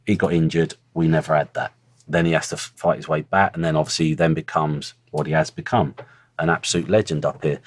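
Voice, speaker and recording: Blunt middle-aged ex-pro, very low voice, close dry sound, casual storyteller. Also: male voice, fairly even intonation, fast, dry recording. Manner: blunt, earthy storytelling with swearing. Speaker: former footballer, guest. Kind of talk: casual interview chat.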